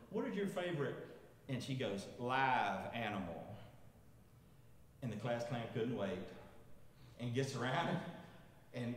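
A man, preaching a sermon and telling a funny story, chuckling as he goes and asking the congregation questions. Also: mid-range voice. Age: 50s. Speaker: pastor. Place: large echoey church sanctuary. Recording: echoey church hall with long reverb.

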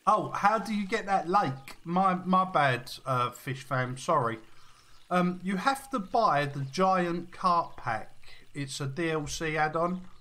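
Bright-voiced man streaming a game. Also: a little high, lively intonation, slow pace. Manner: chatty, reads viewer messages aloud, friendly greetings. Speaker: live-stream gamer. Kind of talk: casual live-stream chat.

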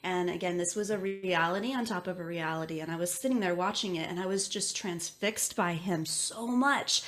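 A woman's voice: fairly low pitch, normal speed, fairly bright tone. A woman who is an intuitive medium, telling a personal story casually with many filler words. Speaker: intuitive medium, interview guest.

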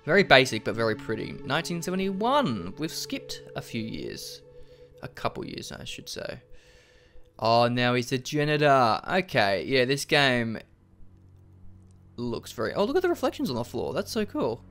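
A man's voice: mid-range voice, big pitch swings, normal speed, fairly bright tone, soft background music. A young man casually commenting on a game he plays, swearing a lot and joking about himself. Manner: profane, self-deprecating, jokey. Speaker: let's play gamer.

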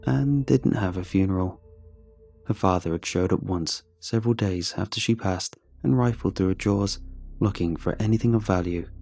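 A man narrating a horror story in a measured, somber way. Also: sits low, creaky, dark tone.

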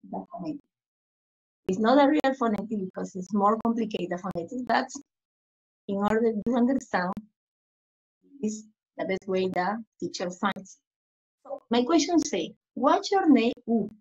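A woman teaching English to primary school children, going slowly through slides and repeating phrases for young learners. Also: on the high side, a little mellow, breathy edge. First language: Spanish. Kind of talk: slide-by-slide lesson explanation. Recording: dull lo-fi recording.

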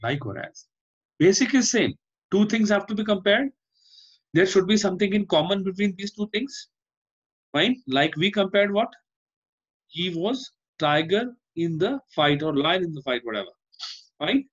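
A man's voice: high voice, animated, moderate pace, long pauses, husky, lo-fi sound. A male teacher with an Indian English accent, giving an online class and explaining by repeating himself and asking "Fine?". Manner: explains by repetition, often asks "Fine?".

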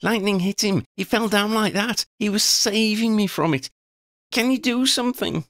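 A man reading a storybook, voicing a frightened, excitable young boy with high, panicky cries. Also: moderate pace, dry recording, studio quality. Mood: panicked.

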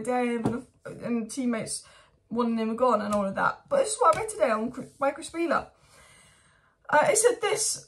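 A young woman with a fairly high voice delivers an exasperated fan rant for her football channel. She fires off rhetorical question after rhetorical question and sounds thoroughly fed up. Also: a bit bright. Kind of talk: opinionated fan commentary vlog.

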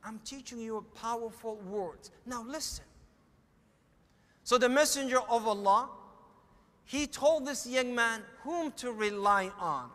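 A man's voice: very high-pitched, slow pace, a bit bright. A middle-aged man with a Somali accent giving a sermon, telling a family story and acting out the dialogue. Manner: storytelling, acts out quoted dialogue. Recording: echoey hall.

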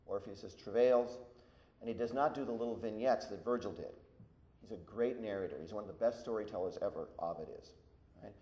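A man's voice: on the low side, mellow. Male lecturer in an echoey hall. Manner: lecturing with asides, reads verse aloud with emphasis. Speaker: university lecturer. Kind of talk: public farewell lecture with a verse reading.

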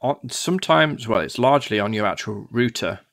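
A man's voice: medium pitch, animated, normal speed, creaky, fairly bright tone. A man from the UK teaching one-to-one in a casual, chatty way, often acting out devices in silly voices. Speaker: tutor.

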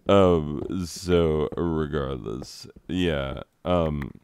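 Super deep-voiced guy rambling over gameplay, slow and laid back, joking at himself, dry close mic. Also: a little mellow, clean tone, no echo. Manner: self-deprecating, rambling, breaks into sung asides. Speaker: teacher and gaming vlogger.

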